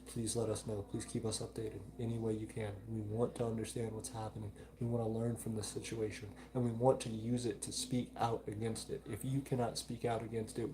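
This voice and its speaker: A young man with a mild Alabama accent, hosting a live stream and earnestly reading viewer comments aloud. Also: on the low side. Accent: mild Southern US (Alabama). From Alabama, United States. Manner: earnest, repeats pleas, reads chat aloud.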